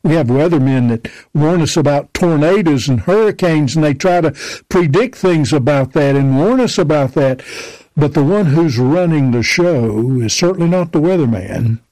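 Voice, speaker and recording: A man's voice: fairly high pitch, lively intonation, moderate pace, mellow, dry recording, rough recording. A man preaching a sermon, emphatically quoting and explaining scripture.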